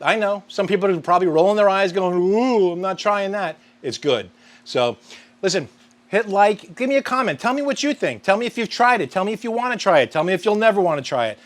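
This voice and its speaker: An upbeat man with a somewhat high voice walks viewers through a cooking demonstration at the grill. He is chatty and talks straight to the audience as the show's host. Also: sing-song, fast talker.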